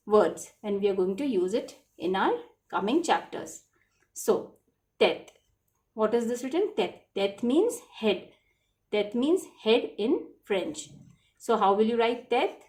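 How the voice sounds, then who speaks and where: A woman's voice: medium pitch, a little mellow. A woman teaching children French spelling, patient and repetitive, spelling words out letter by letter. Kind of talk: classroom lesson explaining spelling.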